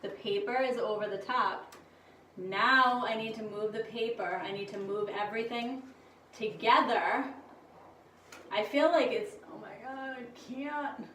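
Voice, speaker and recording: A woman's voice: mid-range voice, unhurried, a bit bright. A woman vlogging casually at home, talking to herself and coaxing an insect, jittery and swearing as she frets. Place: home indoors near a window. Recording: echoey room, distant mic, background noise.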